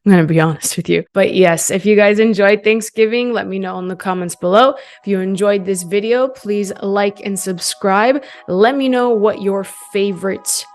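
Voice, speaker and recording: A woman's voice: mid-range voice, normal speed, hardly any pauses. A young woman hosting her own channel, giving a chatty and enthusiastic movie review with many casual fillers. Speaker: film reviewer, channel host.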